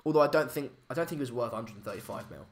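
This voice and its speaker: A man's voice: medium pitch, animated, very fast. A young man, hosting a casual live stream chat, hesitant with many fillers and restarts. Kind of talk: casual live match chat, reading comments.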